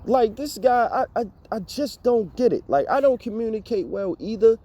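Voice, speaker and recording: Young male vlogger, lively exasperated storyteller, mellow timbre, swears freely. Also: very high-pitched, normal speed, a little hiss or hum. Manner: animated, profane, exasperated storytelling. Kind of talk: casual storytime rant.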